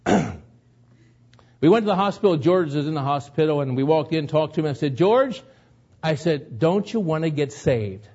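A male pastor delivers his sermon as an earnest personal story, his voice a bit high and warm. The recording is somewhat dull and lo-fi. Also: lively intonation, moderate pace, husky. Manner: earnest storytelling preacher, rising to emotional pitch.

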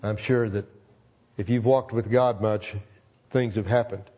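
A man's voice: lowish voice, fairly even intonation, measured pace, warm tone, muffled recording. A man in his seventies, a longtime pastor, telling a personal testimony with earnest emotion and repeating phrases for emphasis.

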